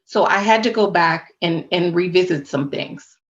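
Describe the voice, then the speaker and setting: Woman, low voice, earnest reflective interview talk, dull lo-fi sound. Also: moderate pace. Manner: earnest, flowing, faith-tinged phrasing. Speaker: spiritual coach and guest.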